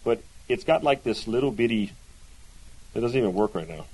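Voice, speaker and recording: A man's voice: medium pitch, animated, moderate pace, darkish tone, husky, poor audio. A man teaching a Bible class in a chatty way, often asking his listeners questions and checking in with "right?". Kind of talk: conversational Bible lesson to a class.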